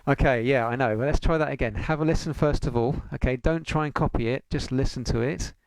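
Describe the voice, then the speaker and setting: A man's voice: mid-range voice, a little fast, no echo. A man teaching an online piano lesson, patiently counting beats aloud and singing rhythm syllables.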